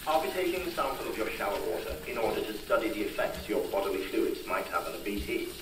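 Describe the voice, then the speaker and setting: An actor playing a formal, measured male scientist in a video game cutscene. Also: fairly low pitch, recorded from a distance, noisy background, natural voice. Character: calm male scientist obsessed with the past. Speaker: game character, BT researcher.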